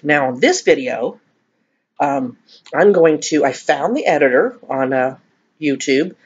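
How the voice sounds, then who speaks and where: Husky-voiced woman, lo-fi mukbang vlog. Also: low-pitched, lively intonation, slow pace. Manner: joking, self-deprecating, chatty with viewers. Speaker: mukbang vlogger. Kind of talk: casual vlog while eating. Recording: dull lo-fi home recording.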